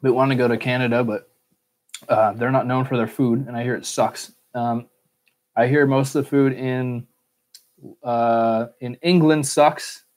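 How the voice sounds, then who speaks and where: A man's voice: mid-range voice, steady tone, a little slow, darkish tone. An American man hosting a casual solo Q&A podcast, rambling, cursing freely and joking at his own expense. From United States. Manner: rambling, swears a lot, self-mocking. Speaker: podcast host.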